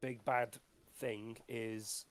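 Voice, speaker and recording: A man's voice: mid-range voice, level tone, very slow. A man player in a tabletop game, thinking aloud hesitantly with dry jokes. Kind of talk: casual tabletop role-play.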